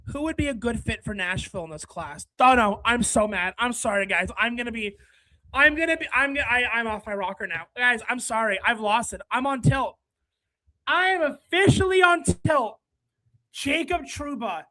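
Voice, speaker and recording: A livestream host ranting through casual hockey chat, exasperated, apologizing to viewers, then breaking into shouting. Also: mid-range voice, poor audio. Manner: quick, run-on talk with apologies to viewers.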